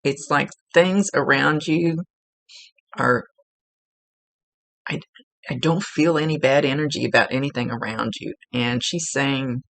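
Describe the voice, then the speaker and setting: A woman's voice: extremely low pitch, unhurried, creaky, pauses often, fairly bright tone, no room sound. A woman working as a psychic medium, giving a casual, rambling reading and often correcting herself mid-sentence. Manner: chatty, rambling, self-correcting.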